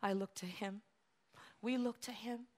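A woman pastor preaching a sermon, animated, swinging from hushed, quiet stretches to loud exclamations. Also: medium pitch, measured pace.

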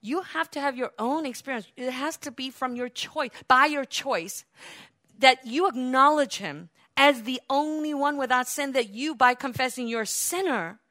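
A woman delivers a fervent sermon in a high voice. She swells to loud exclamations of praise and calls on the congregation to repeat after her. Her tone is bright and ringing. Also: normal speed. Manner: fervent, building to loud cries of hallelujah; leads the congregation in call-and-response. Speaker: preacher.

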